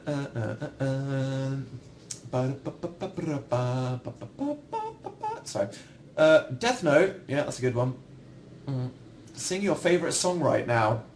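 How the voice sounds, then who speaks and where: A man's voice: medium pitch, slight background noise. A young man hosting a casual livestream, answering viewers in a rambling, self-deprecating way with dry humor. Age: young adult. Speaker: livestream host.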